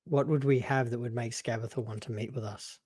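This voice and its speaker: A man's voice: mid-range voice, steady tone, fairly quick, a little mellow, husky, dry recording. A man playing in a tabletop game, chatty and often laughing, polite when in character, on a dry close mic. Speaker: player.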